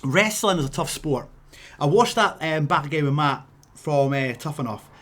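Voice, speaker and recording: A Scottish man, a wrestler, telling a story in a casual vlog, animated and laughing, with punchy sound effects. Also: a little high, normal speed.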